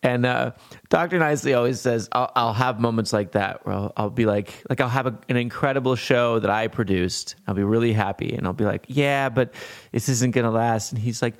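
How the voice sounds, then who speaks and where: A man's voice: medium pitch, a little fast. A man co-hosting a podcast, chatting in an earnest, encouraging way. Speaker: podcast co-host. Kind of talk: casual chat.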